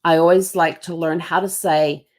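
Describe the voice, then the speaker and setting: A woman's voice: fairly low pitch, little pitch movement, normal speed. A woman hosting her channel, talking casually and chattily with many fillers. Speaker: channel host. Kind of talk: casual talk to camera.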